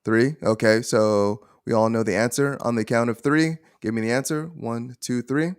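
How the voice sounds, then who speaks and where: A man's voice: mid-range voice, moderate pace, clear, resonant tone. A man hosting a casual gaming podcast, explaining game rules step by step and checking in with his co-hosts. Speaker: podcast host.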